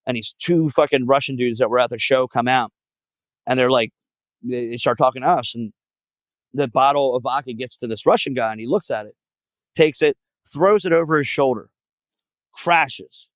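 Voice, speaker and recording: Philly guy, mid-pitch, dry recording; loose, cussing raconteur who strings stories together with fillers. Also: normal speed, no echo, rough recording. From Philadelphia area. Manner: profane, rambling, heavy on filler words. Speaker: guest musician. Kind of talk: casual podcast storytelling.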